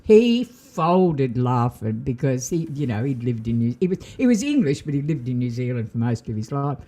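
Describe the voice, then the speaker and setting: A woman's voice: very deep voice, very animated, normal speed, warm tone. A woman with an Australian accent, co-hosting a casual podcast, telling stories in a chatty way and laughing often. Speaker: co-host.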